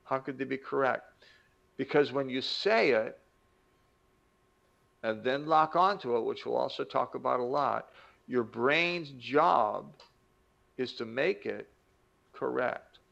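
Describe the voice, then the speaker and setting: A man's voice: medium pitch, slow, gravelly, long pauses, fairly bright tone, highs cut off. An older man giving an emphatic motivational talk, acting out quoted voices as he teaches. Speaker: self-help teacher.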